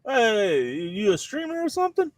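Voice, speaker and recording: A laid-back young college guy with a Cajun drawl, as a player puts him on, friendly and easygoing. He is voiced higher than the player's usual talk, loose and chatty, in a dry close recording. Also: wildly swooping pitch, normal speed, dry recording, heavily acted.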